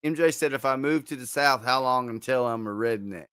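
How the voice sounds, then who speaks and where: Male stream co-host, easygoing, mid-pitched, agreeable. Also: fairly quick, bright, forceful tone, clean tone, no echo. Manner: laid-back, agreeing, chuckling along. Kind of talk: casual chat.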